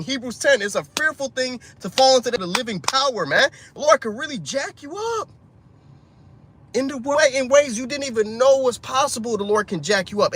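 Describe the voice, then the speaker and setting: A man's voice: very high-pitched, sharp tone. A man preaching an informal street sermon, urgent and profane, ending lines with "man" and "bro".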